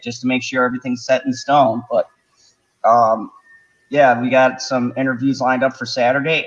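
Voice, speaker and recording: A man's voice: medium pitch, fairly bright tone. Laughing man hosting a lo-fi chat. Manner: laughs often, loose and joking. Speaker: host. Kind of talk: casual chat.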